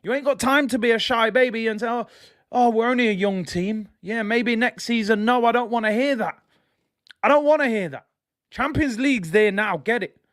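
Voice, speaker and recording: A young man hosting a live football watch-along, reacting emotionally and often breaking into frustrated shouting. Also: very high-pitched, a little fast, no echo, clean studio sound. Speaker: fan stream host.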